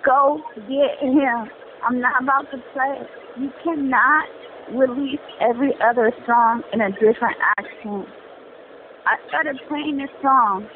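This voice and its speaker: A woman with a slight speech impediment ranting in an exasperated, animated way during a casual chat. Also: high-pitched, a little slow. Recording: tinny phone-like sound with faint noise.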